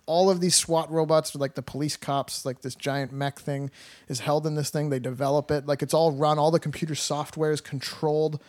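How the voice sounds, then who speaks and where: A man's voice: fairly high pitch, steady tone, moderate pace, a little mellow. A man hosting a podcast, swearing freely and telling a movie story with acted-out quotes in casual chat.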